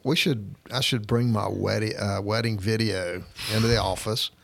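A married man on a podcast, telling teasing office stories in an animated way. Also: lowish voice, normal speed, creaky. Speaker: podcast guest, office colleague.

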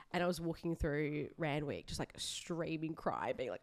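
A woman's voice: low-pitched, quick pace, few pauses. A young woman co-hosting a podcast, telling chatty stories with laughs. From Australia. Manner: chatty, animated storytelling with laughs. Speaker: podcast co-host. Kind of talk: casual chat. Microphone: remote call.

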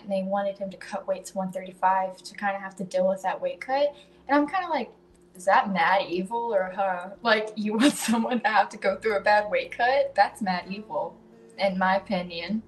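A woman's voice: mid-range voice, a little hiss or hum. Chatty woman hosting a podcast. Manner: chatty, swears freely, self-mocking. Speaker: podcast host. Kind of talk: casual chat.

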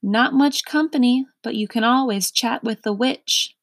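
A chuckling prison policeman hands out cheerful warnings in a slow, unhurried way, as a woman reads him aloud. His storybook voice sits higher than the reader's plain tone, over a dry, close sound. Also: no echo. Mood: mock-cheerful. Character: chuckling male prison policeman, jailer type.

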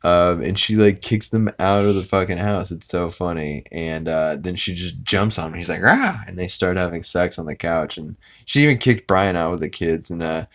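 A man with a very low, deep voice hosts a podcast. He recaps a cartoon episode in a loose, rambling way and laughs along at the jokes. His talk is full of fillers and restarts. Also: fairly even intonation, moderate pace, hardly any pauses. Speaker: podcast host.

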